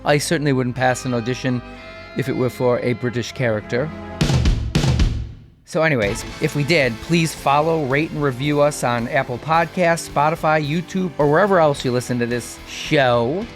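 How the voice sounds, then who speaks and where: A man's voice: mid-range voice, normal speed. Brief: male podcast host, breezy outro, music under. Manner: light, joking sign-off. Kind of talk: show outro.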